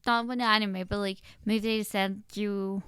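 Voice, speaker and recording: Smooth-voiced chatty young woman guest. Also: medium pitch, level tone, a little slow, a bit bright, dry recording, studio quality. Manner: rambling, filler-heavy, many "like"s. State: tired late at night. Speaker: podcast guest, cosplayer. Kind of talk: casual chat.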